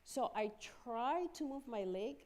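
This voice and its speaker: A woman speaking at a church women's day, telling stories in a lively way and acting out the voices of the people she quotes. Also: on the high side, measured pace. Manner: lively storyteller who acts out quoted voices. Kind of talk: storytelling talk.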